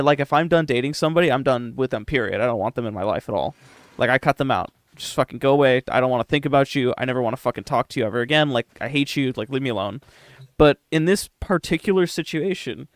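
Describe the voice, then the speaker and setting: Profane, joking young streamer. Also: male voice, medium pitch, quick pace, no room sound. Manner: profane, joking, talks to chat. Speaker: game streamer. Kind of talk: casual live-stream chat.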